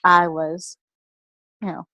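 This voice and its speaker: A woman giving a personal motivational talk in an energetic, chatty storytelling manner. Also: fairly low pitch, slow, no echo, poor audio. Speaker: motivational speaker.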